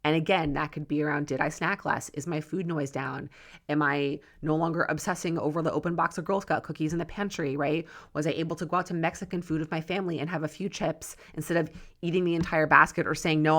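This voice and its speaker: A woman in middle age hosts a solo coaching podcast, her voice sitting low. She talks earnestly and loosely, circling back on her points and checking in with her listeners with a frequent "right?". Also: fairly bright tone. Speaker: podcast host and weight loss coach. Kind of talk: casual solo podcast monologue.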